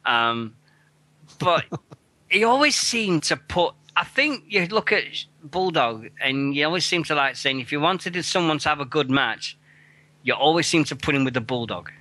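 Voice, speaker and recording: A man from Sheffield with a Sheffield accent, hosting a casual radio chat, excitable and swearing freely. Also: on the high side, moderate pace, no echo. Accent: Sheffield English. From Sheffield, England. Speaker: radio show host. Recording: internet radio show.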